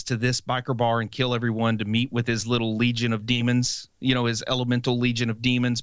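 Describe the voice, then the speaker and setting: A man's voice: medium pitch, no echo, studio quality. A man co-hosting a podcast who laughs often and rambles easily through his thoughts on a film. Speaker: podcast co-host. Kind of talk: casual movie review chat.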